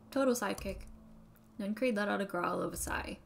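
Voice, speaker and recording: Woman streamer narrating a game, relaxed and wry, faint background hiss. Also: medium pitch, fairly quick, vocal fry. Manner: playful, amused asides. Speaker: streamer reading a game aloud. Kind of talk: casual game narration and commentary.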